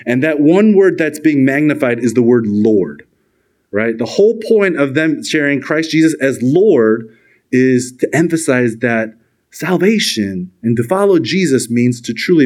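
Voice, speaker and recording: An earnest male pastor preaching with a somewhat higher voice. He talks in quick bursts and then slows right down on the words he wants to stress. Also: a little mellow. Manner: earnest, emphatic, shifts between fast and slow deliberate delivery. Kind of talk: sermon.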